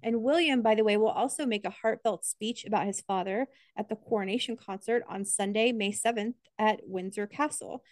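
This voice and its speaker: A woman's voice: mid-range voice, moderate pace, hardly any pauses, dry recording. Earnest chatty American woman podcaster. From United States. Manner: chatty, earnest, gets emotional. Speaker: podcast co-host. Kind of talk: casual podcast chat.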